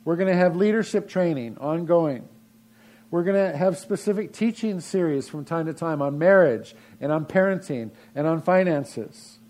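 A man's voice: on the high side, mellow. A man preaching a sermon as pastor of his church, in a folksy, conversational way with frequent restarts.

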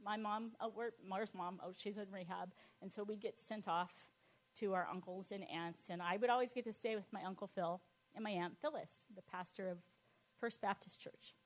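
A woman, middle-aged, telling her personal testimony in a lively, animated way, laughing often and acting out the voices she quotes. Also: medium pitch, normal speed.

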